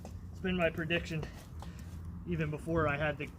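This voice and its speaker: A man's voice: fairly high pitch, flat delivery, moderate pace. Chatty man muttering in muddy woods. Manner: chatty, self-deprecating, talks to himself. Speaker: vlogger. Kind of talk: casual self-filmed commentary. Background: tractor engine noise.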